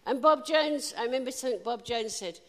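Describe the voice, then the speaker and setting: A woman preaching a sermon, telling a personal story with lively, animated delivery and bursts of laughter. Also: on the high side, brisk, long reverb tail.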